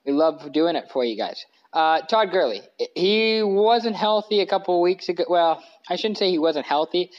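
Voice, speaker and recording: A man's voice: high voice, animated, normal speed, few pauses. Rambling man on a lo-fi podcast. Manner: rambling, self-correcting, with many fillers. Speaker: podcast host. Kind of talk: casual sports podcast talk. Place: living room couch.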